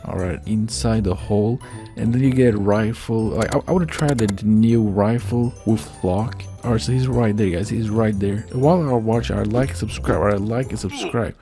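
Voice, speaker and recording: A man's voice: lowish voice, moderate pace, mellow, soft background music. A man giving rambling, casual gameplay commentary, full of slang and swearing. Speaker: gaming video creator.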